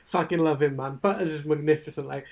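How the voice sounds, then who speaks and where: A man's voice: a little high, fast talker, darkish tone. A man in a casual podcast chat, gushing enthusiastically and swearing freely.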